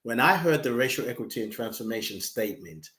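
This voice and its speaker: Expressive man in an echoey room. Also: medium pitch, fast talker. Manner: expressive, animated, breaks into emotional storytelling. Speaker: guest. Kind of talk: reflective conversation.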